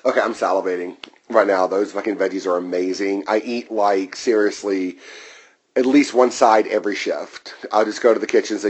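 A man's voice: on the low side, brisk, breathy edge, low-quality recording. A man working as a restaurant server, delivering a heated, profanity-laden vlog rant that drifts into side tangents. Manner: wanders off on tangents, then returns.

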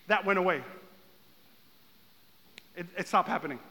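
A man preaching a sermon as pastor, swinging from hushed talk to shouted passages. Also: sits high, moderate pace. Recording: long hall reverb.

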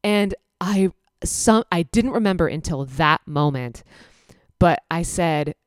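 Casting note: woman, thirties, vet-tech podcast host, low, smooth voice, casual storyteller, dry close mic. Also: takes it slowly, dry recording. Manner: chatty, animated when quoting people, many fillers. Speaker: veterinary technician and podcast host.

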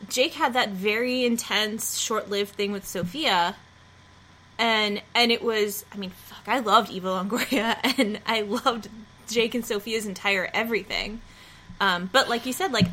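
A woman's voice: on the high side, measured pace, sharp tone, slight background noise. Chatty woman hosting a podcast. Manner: chatty, laughs often, self-deprecating. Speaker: podcast host. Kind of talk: casual chat.

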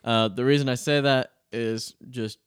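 A young man co-hosting a casual sports podcast, earnest and quick to laugh at his own slips. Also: medium pitch, steady tone, clear, resonant tone, no echo. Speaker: podcast co-host. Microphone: studio podcast mic.

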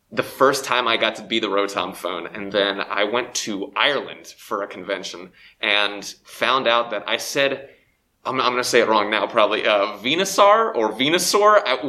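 A man's voice: fairly low pitch, sharp tone. A young man, a voice actor, talking eagerly in a panel interview, rambling with fillers, speaking through a face mask. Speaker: voice actor guest. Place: convention panel room. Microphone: handheld mic, speaking through a face mask.

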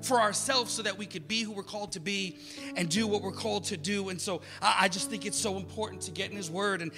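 A man in his thirties preaching as a pastor, building from soft, quiet passages to loud, emphatic calls. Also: sits high, quick pace, in a large hall, over music. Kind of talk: sermon.

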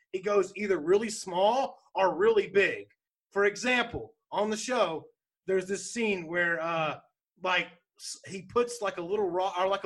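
A man co-hosting a casual talk show, retelling a sitcom in a rambling, animated way with bursts of laughter. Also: high voice. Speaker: podcast co-host. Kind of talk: casual chat.

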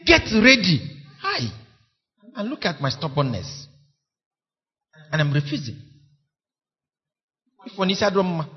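A man's voice: sits high, sing-song, measured pace, long pauses, slightly rough. A man preaching a sermon, impassioned and pleading, repeating phrases for emphasis. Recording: dull lo-fi recording.

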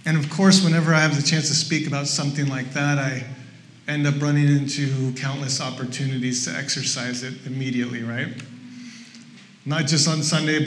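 A man preaching a sermon in a conversational, self-mocking way, jumping into high bursts when he acts out his own frustration. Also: fairly bright tone, slight background noise. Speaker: pastor.

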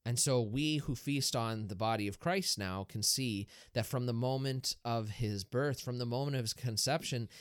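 A man, a Catholic priest, talking in a casual podcast discussion, explaining things in a lively way and asking rhetorical questions. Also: mid-range voice, normal speed, few pauses, clear, resonant tone, no echo, studio quality. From Erie, Pennsylvania, US.

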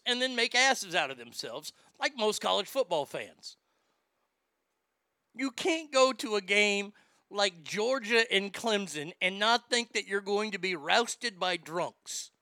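A man's voice: sits high, expressive, unhurried, bright, forceful tone, clean tone, no room sound, clean studio sound. A man hosting a talk show, ranting bluntly and sarcastically with plenty of profanity, and reading listener comments aloud. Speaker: radio talk show host.

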